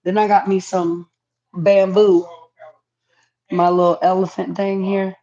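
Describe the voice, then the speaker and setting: A woman's voice: on the low side, flat delivery, unhurried, warm tone. Lady chatting on her live from home, kinda dull phone sound. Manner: chatty, reads viewer comments aloud. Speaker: livestream host. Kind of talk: casual livestream chat. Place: home, indoors.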